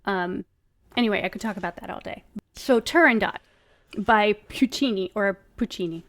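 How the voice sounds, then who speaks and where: At a normal speed and medium pitch, this female singer and performer chats casually as a podcast guest. She is enthusiastic and profane, peppering her talk with fillers.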